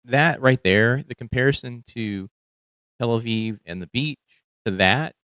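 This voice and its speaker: A man's voice: medium pitch, a little slow, fairly bright tone, clear, resonant tone, no room sound. Rambling man with a light Texan accent. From Texas. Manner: rambling, thinking aloud with many fillers. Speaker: podcast host. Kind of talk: casual commentary on news clips.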